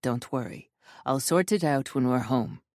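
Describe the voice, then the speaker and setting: A woman reading an audiobook, voicing a grim, protective man who speaks low and steady. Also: measured pace, dry recording, clean studio sound, close to an everyday voice.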